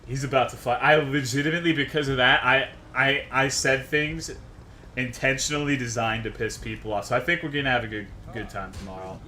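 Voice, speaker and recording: A man's voice: medium pitch, a little fast, bright, forceful tone, a little hiss or hum. A man streaming a game, ranting to his chat in a worked-up, profane way. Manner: profane, worked-up, swears constantly.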